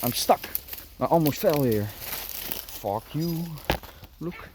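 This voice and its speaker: Expressive and slow, with a fairly high pitch, a man rambles in an outdoor vlog amid dense bushes and trees. He grunts and swears constantly as he pushes through, over noisy sound of rustling branches and a barking dog.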